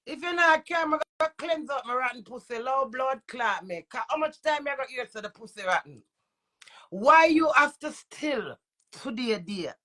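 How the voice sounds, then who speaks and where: A woman's voice: high-pitched, animated, moderate pace, a bit bright. A woman with a Jamaican accent and a runny nose, ranting in heated, profane patois. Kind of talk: angry rant to camera.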